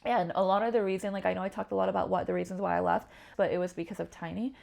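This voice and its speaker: Young woman guest w a gravelly voice, chatty and animated, acts out what people said. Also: medium pitch, rapid-fire. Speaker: interview guest. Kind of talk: candid personal storytelling in an interview.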